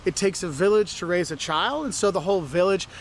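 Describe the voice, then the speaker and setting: A man's voice: high-pitched, fairly quick, a little hiss or hum. A man giving friendly, instructive travel advice to camera, sometimes acting out what locals say. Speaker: travel video host. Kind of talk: advice video, spoken to camera.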